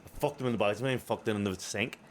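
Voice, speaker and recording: A young man with a Belfast accent, co-hosting a podcast and telling profane stories in an animated way, laughing often. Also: on the low side, very fast, a little hiss or hum. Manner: animated, profane storytelling that keeps breaking into laughter. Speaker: co-host. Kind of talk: casual podcast chat.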